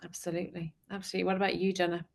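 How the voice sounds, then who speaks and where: A woman's voice: fairly low pitch, little pitch movement, very fast, vocal fry. A woman hosting a podcast, asking her guests questions and steering a casual discussion. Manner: inquisitive, steering the conversation. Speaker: podcast host.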